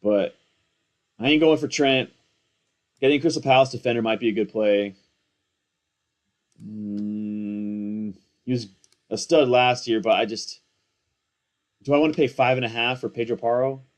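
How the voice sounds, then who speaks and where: An excitable young man talks through his picks in loose, slangy commentary, hyped up on coffee and rambling from thought to thought. His voice sits at an everyday middle pitch, and he mocks himself as he goes. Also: a little slow, long pauses. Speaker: fantasy football content creator. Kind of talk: casual live commentary.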